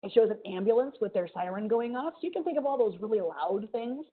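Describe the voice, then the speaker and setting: A woman's voice: fairly high pitch, lively intonation, fast talker. Ohio lady teaching kids about bugs on a video call, playful, sound effects, tinny phone-ish audio. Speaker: museum educator. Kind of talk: live online science lesson for kids.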